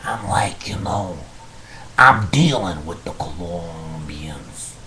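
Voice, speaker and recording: A man doing a hot-tempered middle-aged mobster who talks like a tough guy, slow and deep, swearing and rambling through a comic webcam monologue. His voice sits very low and he takes his time with every line. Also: lively intonation, bright, forceful tone, slight background noise, exaggerated voice. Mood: blustering.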